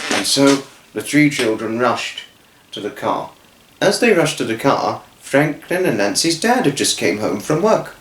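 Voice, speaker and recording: A man telling a children's story off the cuff, halting and restarting his words. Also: on the low side, expressive, a bit bright, roomy sound. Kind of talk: improvised storytelling.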